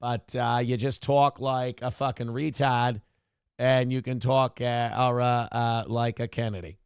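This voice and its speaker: A man's voice: medium pitch, little pitch movement, a little slow, smooth, dry recording, clean studio sound. A man co-hosting a casual morning talk show, teasing his co-host and reading viewer comments aloud. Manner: teasing, joking, reads chat comments aloud.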